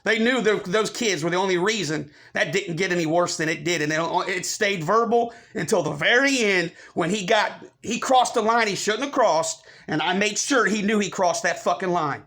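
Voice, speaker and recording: A man's voice: high voice, moderate pace, few pauses, fairly bright tone. A man vlogging an angry, heated rant to his viewers, profane and repeating himself.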